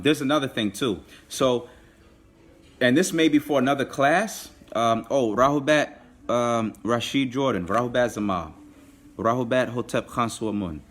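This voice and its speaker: Guy running a live language class, goes slow, repeats stuff over and over, mid pitch. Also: a bit bright. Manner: patient, repeats and drills words slowly. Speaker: language teacher.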